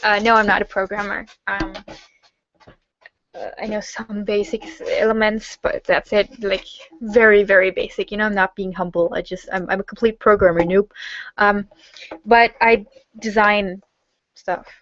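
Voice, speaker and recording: A woman's voice: medium pitch, fairly even intonation, moderate pace, a bit bright, highs cut off. A young German woman answering viewer questions in a casual online hangout, rambling with lots of fillers as she reads questions aloud and answers them.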